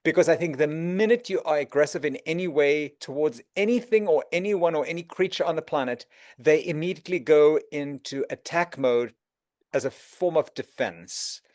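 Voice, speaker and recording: Guest: animated man, slightly higher voice, close dry mic, tells stories with voiced quotes. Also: normal speed, no room sound. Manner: animated storyteller, acts out quotes. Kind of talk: conversational interview.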